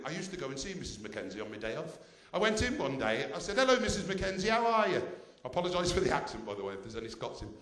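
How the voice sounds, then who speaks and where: A man's voice: fairly high pitch, roomy sound. A male stand-up comedian on a theatre stage, cheekily teasing the audience.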